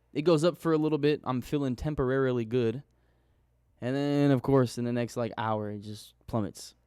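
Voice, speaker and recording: Young male vlogger, candid rambling recap, smooth clear voice, dry close sound. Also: medium pitch, darkish tone, no echo. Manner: candid, rambling, swears casually. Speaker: forex trader vlogger. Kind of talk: casual screen-share recap.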